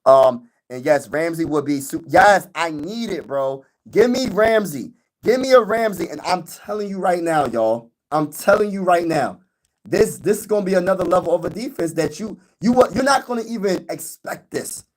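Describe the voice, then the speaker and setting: A man hosts a casual sports fan livestream, excitedly repeating himself and calling viewers "y'all" and "bro." He talks at a moderate pace into a phone with no external mic, so the audio crackles on his louder high notes.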